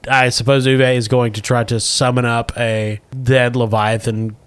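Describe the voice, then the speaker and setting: A man's voice: mid-range voice, little pitch movement, normal speed, clean tone. A man narrating a tabletop game as game master, describing scenes vividly.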